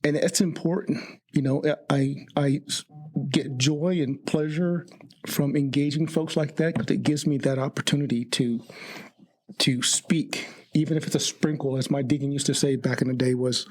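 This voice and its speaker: A man's voice: mid-range voice, fairly even intonation, darkish tone. Earnest male podcast co-host. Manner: earnest, halting, repeats words. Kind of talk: casual chat.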